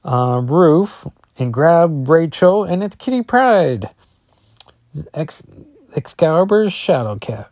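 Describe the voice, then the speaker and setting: A man's voice: medium pitch, lively intonation, slow, a little mellow, dry recording, studio quality. Chatty man recapping a comic. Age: 40s. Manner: rambling, with fillers and asides. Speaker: comic book reviewer.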